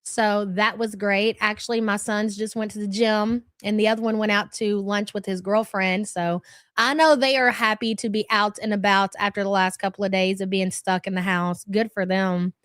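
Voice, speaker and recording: A woman's voice: medium pitch, flat delivery, normal speed, fairly bright tone, dry recording, studio quality. A middle-aged woman hosting a casual live stream, chatting in a gossipy way and reading viewer comments aloud.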